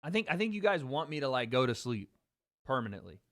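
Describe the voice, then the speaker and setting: A man's voice: medium pitch, very animated, fast talker, a bit bright, no room sound, studio quality. A man hosting a casual livestream, chatting loosely with his viewers, joking and repeating himself. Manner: loose and chatty, talks straight to chat, jokes and repeats himself. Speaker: livestream host. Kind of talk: casual livestream chat reacting to fight chat.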